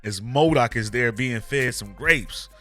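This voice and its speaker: A man's voice: mid-range voice, unhurried, bright, forceful tone. Slangy man recapping comics over music. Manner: slangy, laid-back storyteller. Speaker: comic book channel host. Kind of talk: casual comic recap narration.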